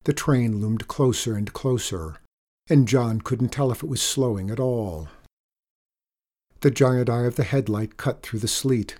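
A man reading a story aloud in an even, measured storytelling manner. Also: medium pitch. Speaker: narrator. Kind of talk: audiobook narration.

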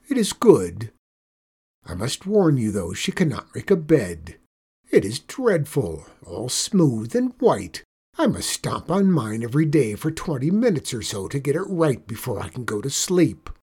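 A man reading a storybook and voicing an excitable, lonely old female witch in a raised, pleading voice. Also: mid-range voice, vocal fry, breathy edge, full character voice.

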